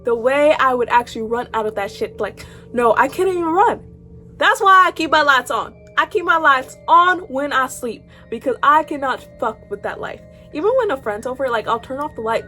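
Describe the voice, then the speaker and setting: Teen girl vlogger, high voice, theatrical and foul-mouthed, loud yelps to low mutters. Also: moderate pace, soft background music. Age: teens. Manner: dramatic, swings from loud outbursts to quiet mutters; casual, swears freely. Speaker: YouTuber. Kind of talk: reacting to horror stories.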